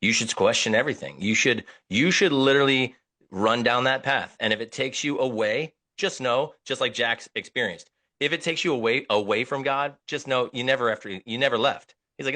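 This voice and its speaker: A man's voice: medium pitch, a little fast. A man in his forties hosting a casual podcast, telling stories energetically and swearing now and then. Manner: energetic storyteller, swears, animated voices in retold dialogue. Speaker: podcast host.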